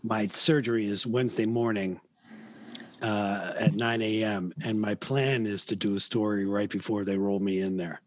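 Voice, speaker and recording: A man's voice: fairly low pitch, steady tone, normal speed, no echo. A man talking in a casual podcast chat, rambling with many restarts as he describes his week. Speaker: podcast guest.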